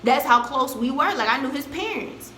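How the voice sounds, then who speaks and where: A young woman tells a story to her camera in a loose, slangy way and belts out the quoted lines. Her voice sits a little high and sounds bright and forceful. The room around her rings with echo. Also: normal speed, slight background noise. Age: young adult. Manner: animated, slangy storytelling with loud acted-out quotes. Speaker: vlogger. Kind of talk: storytime vlog.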